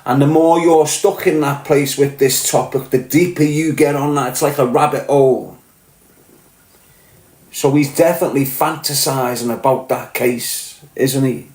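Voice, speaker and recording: Scouse fella ranting to his podcast audience, blunt and sweary, middle pitch, bit of room echo. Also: fairly even intonation, normal speed, darkish tone. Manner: blunt, swearing, keeps asking "do you get what I'm saying". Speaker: podcast host. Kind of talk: casual monologue to camera.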